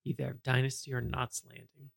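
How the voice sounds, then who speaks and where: A man's voice: mid-range voice, level tone, a little fast, vocal fry, breathy edge, no echo. A man co-hosting a podcast in casual chat, making dry quips and laughing often. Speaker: podcast co-host.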